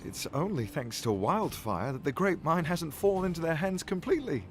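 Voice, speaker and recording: Sleepy British miner. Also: male voice, a little high, big pitch swings, normal speed, faint music behind. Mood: drowsy. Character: weary, sleepy young male miner. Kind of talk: video game voice acting.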